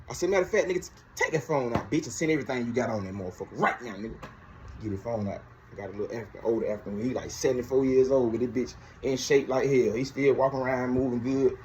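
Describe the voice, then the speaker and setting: A man's voice: mid-range voice, fast, mellow, a little hiss or hum, poor audio. A man from Georgia, telling his story casually and profanely, acting out both sides of each conversation. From Georgia, USA.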